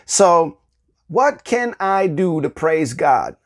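A man with a somewhat high voice talks through a devotional lesson in a relaxed, conversational way. He is animated and slips into acted-out snippets of everyday talk to make his point. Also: takes it slowly. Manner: animated, acts out everyday dialogue with light laughter. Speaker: Bible teacher.

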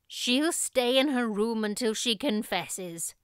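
Woman reading as a severe older spinster, firm and clipped, smooth dry voice. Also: on the high side, expressive, slow, dry recording. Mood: stern.

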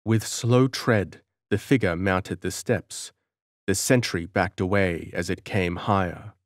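Male audiobook narrator, slow measured delivery, dry close recording. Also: low voice, dry recording. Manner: measured, dramatic storytelling.

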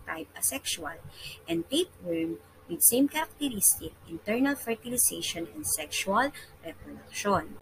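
A woman with a Filipino accent reading a science lesson aloud as a teacher, steady and measured, with occasional restarts. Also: medium pitch, slight background noise, low-quality recording.

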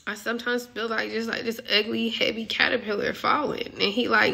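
A woman's voice: fairly high pitch, flat delivery, normal speed, creaky, long pauses, sharp tone. A young woman giving a casual, emotional spiritual message reading as a love coach. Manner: emotional, musing, conversational.

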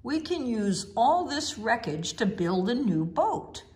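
A woman voicing a calm, pipe-chewing old seafaring uncle in a storybook reading. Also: a little high, takes it slowly. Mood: steady.

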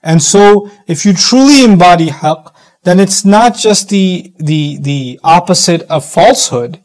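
A middle-aged man giving a sermon-style lecture, animated, acting out quoted voices as he teaches. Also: high-pitched, measured pace, poor audio. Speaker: Islamic speaker.

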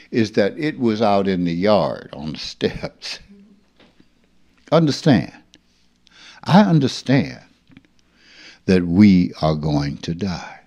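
A man in his seventies from rural Mississippi, giving an earnest, reflective spiritual talk as a teacher who sometimes drops to a near-hush. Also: fairly low pitch, muffled recording. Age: 70s.

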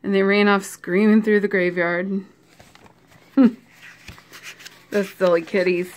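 A woman reading a children's picture book aloud, gentle and expressive with playful asides to young listeners. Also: medium pitch, moderate pace, slight background noise. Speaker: storybook reader.

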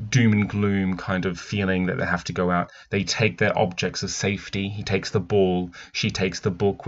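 A man's voice: sits low, vocal fry, a bit bright. A man talking through a picture book as a teacher, musing and thoughtful as he reads and comments. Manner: thoughtful, musing, with frequent restarts. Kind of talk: read-aloud book analysis. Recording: dull lo-fi recording.

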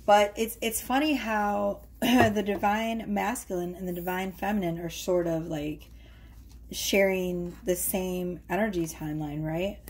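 A woman's voice: medium pitch, fairly even intonation, measured pace. A woman giving a casual tarot reading from her home workroom, talking in a chatty way with fillers and frequent tag questions. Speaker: tarot reader.

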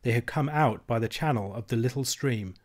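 A man reading a children's novel aloud in a steady, measured storytelling voice. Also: mid-range voice. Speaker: reader.

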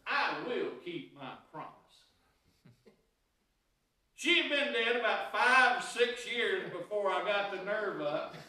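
A man preaches with a high, ringing, bright voice, telling folksy homespun stories between Scripture passages. The sound is heavily reverberant and set back from the microphone, as in a church sanctuary. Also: animated, slow pace. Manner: folksy storytelling with homespun anecdotes. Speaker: pastor. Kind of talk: sermon. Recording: very echoey room, voice heard from a distance.

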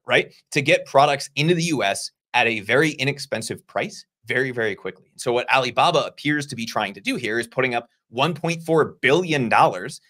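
A man's voice: medium pitch, animated, sharp tone. Chatty man co-hosting a talk show. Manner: conversational, explains with quick asides and laughs. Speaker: podcast co-host. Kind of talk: casual discussion.

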